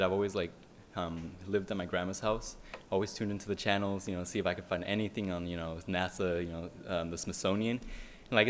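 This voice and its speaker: Young Californian man, lowish voice, casual and filler-heavy student speech. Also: a little hiss or hum. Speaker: student speaker. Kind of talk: informal conference speech. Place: museum conference hall.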